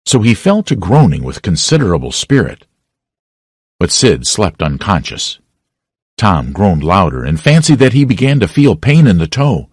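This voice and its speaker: A man narrates a classic story with a low, husky voice that moves a lot in pitch. The sound is dry and close, with no room echo. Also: normal speed. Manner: expressive storytelling. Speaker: audiobook narrator. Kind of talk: scripted narration.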